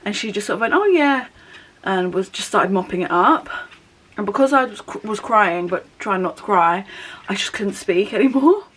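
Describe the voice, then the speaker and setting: A young woman talks through a long personal story while she does her makeup, in a loose, candid, rambling way full of fillers. Her voice sits at an ordinary middle pitch, and the tone is a casual get-ready-with-me vlog. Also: normal speed, fairly bright tone, breathy edge, poor audio. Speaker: beauty vlogger. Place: at home doing makeup.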